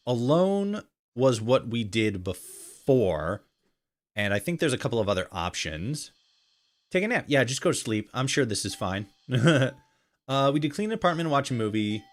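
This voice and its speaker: Man streamer, lower voice that swings up and down, reads game text with crude jokes, faint music behind. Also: very animated, normal speed, a bit bright. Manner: reads game text aloud with profane joking asides. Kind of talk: live-streamed game playthrough.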